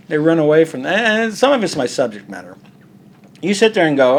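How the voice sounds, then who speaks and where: A man's voice: a little high, sing-song, a little fast, slight background noise. A man, a comic artist, talking bluntly and profanely in a casual interview, acting out quoted dialogue.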